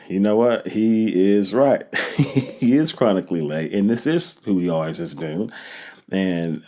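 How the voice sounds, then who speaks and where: A man hosting a solo podcast, telling a personal story in a casual, conversational way and acting out the people in it. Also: low voice. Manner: storytelling, animated when retelling his rant. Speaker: podcast host.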